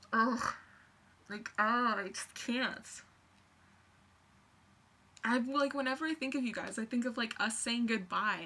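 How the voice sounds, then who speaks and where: A woman's voice: fairly high pitch, pushed and bright, slight background noise. A young woman rambling in a casual vlog, gushing and scattered, full of fillers. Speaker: vlogger.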